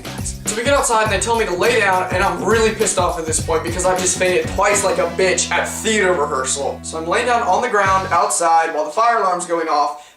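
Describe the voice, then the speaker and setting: A man's voice: high-pitched, recorded from a distance. Young man, vlogger, dramatic self-mocking storytelling, swears a lot, music playing behind. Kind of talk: casual storytelling vlog. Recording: roomy, off-mic, music behind.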